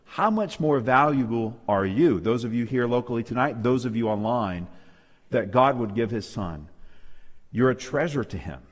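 A man's voice: medium pitch, expressive, normal speed, in a large hall. A man preaching a sermon to a church audience, emphatic and calling out for amens. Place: church hall with a live and online audience.

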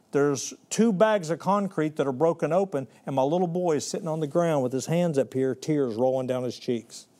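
A middle-aged man preaching a sermon, telling stories with big swings in pitch and loudness and slowing down to intone scripture.

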